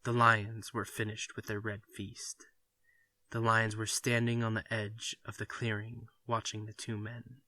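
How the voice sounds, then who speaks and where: Slow, bright-voiced man reading a story. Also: fairly low pitch, no echo. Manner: even, deliberate narration. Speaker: reader.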